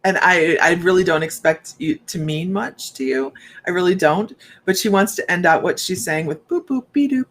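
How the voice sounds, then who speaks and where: A woman's voice: on the low side, normal speed, a bit bright. A woman working as a psychic medium, giving a rambling, chatty live reading and talking straight to her viewers.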